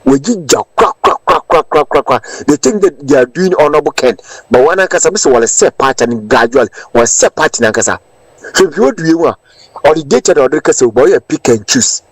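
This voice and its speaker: A man's voice: on the high side, expressive, fast, no room sound, poor audio. Emphatic Ghanaian man. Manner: emphatic, repeats words for stress. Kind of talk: political commentary in Twi and English.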